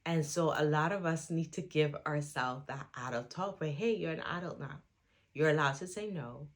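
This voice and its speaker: A woman's voice: low-pitched, normal speed. A woman who is a trainee psychotherapist, giving a motivational self-help talk to viewers in an earnest, reassuring way, repeating affirmations.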